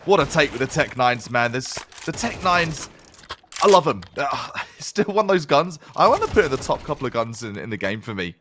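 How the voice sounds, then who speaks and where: A man calling a competitive shooter match as play-by-play caster, with lively, punchy calls and slang. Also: mid-range voice, brisk, slight background noise. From Canada. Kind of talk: esports play-by-play commentary.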